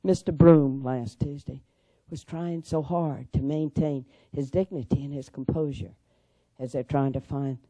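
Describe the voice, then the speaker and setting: An older woman speaks from a lectern, her voice mellow and warm rather than bright. The sound is close and dry, with little room around it. She tells her stories with earnest conviction and turns them into pointed questions for the audience. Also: very deep voice, steady tone, measured pace, no echo. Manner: earnest storytelling, rising to urgent questions. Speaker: speaker at a civic forum. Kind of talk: public speech. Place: lecture hall.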